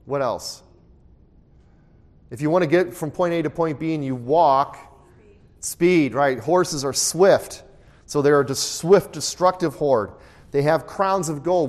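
A Bible teacher with a slightly high, expressive, a little mellow voice takes his time, leaving long pauses. He leads interactive study, reading scripture aloud in a raised voice, asking questions and echoing the group's answers.

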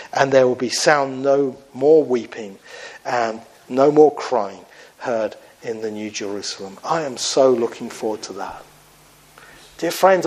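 Man, preacher, evangelistic sermon, earnest, slows and softens on appeals, mid-pitched voice. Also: husky, low-quality recording. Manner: tells a parable with lifted, animated quoted voices.

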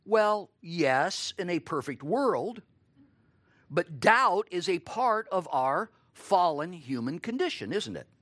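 A man preaching a sermon, expressive, acting out quoted lines and asking his listeners rhetorical questions. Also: high-pitched, no echo.

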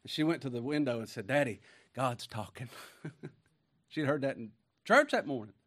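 A man preaching a sermon in a folksy, conversational way. He swings from quiet asides to booming emphasis, reads scripture slowly and weightily, and chuckles between points. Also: big pitch swings.

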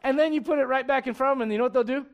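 A man preaching a sermon in church, animated and digressive, with frequent asides to the congregation. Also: extremely high pitch, very fast, gravelly, narrow, tinny audio. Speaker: pastor. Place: church sanctuary.

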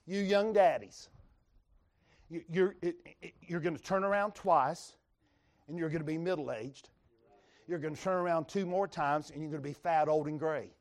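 High-voiced Southern preacher, folksy and emphatic. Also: male voice, moderate pace. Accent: Western North Carolina. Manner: folksy, emphatic, reads scripture aloud, frequent restarts. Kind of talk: sermon. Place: church revival service.

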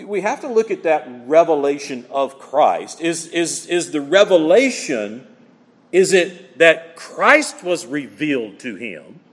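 Emphatic preacher with a lively voice. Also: male voice, a little high. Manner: emphatic, repeats phrases for stress. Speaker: pastor. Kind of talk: expository sermon. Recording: long hall reverb.

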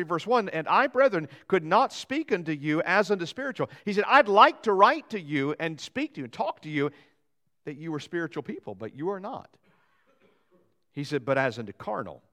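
A man preaching a sermon as pastor, lively and joking, acting out quotes and asides. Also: high voice. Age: young adult or middle-aged, father of young boys.

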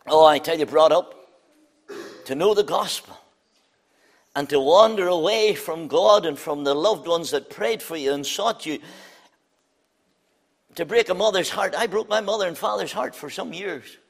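A middle-aged man preaching an evangelistic sermon, fervent, swinging from loud appeals to hushed low lines. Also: moderate pace, gravelly, pauses often, slightly rough.

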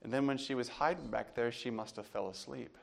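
A pastor preaches a sermon, telling a personal story with strong emotion as he drops to hushed tones and rises to loud outbursts. His voice is medium-pitched, brisk and gravelly.

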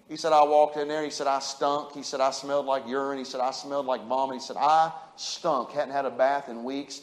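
A man, preaching a sermon and telling a story, swinging from loud urging to hushed storytelling. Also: mid-range voice, little pitch movement, fairly quick, few pauses. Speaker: pastor.

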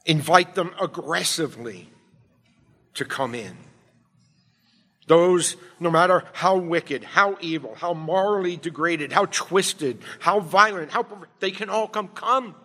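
Pastor guy preaching, bright forceful voice, big echoey church sound. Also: fairly high pitch, expressive, a little slow. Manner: emphatic preaching, swings from quiet to loud. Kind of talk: sermon. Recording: long hall reverb.

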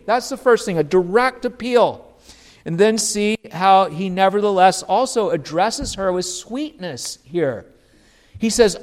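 A man preaching an expository sermon in an earnest voice, acting out quoted lines and dropping low and quiet at times. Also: lively intonation, takes it slowly.

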